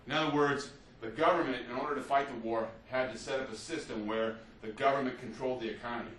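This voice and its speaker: A man's voice: mid-range voice, fairly even intonation, quick pace, a bit bright, slight background noise. A male history teacher giving a conversational classroom lecture, often checking in with "you see" and "right?" as he talks. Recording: roomy, distant, faint ambience.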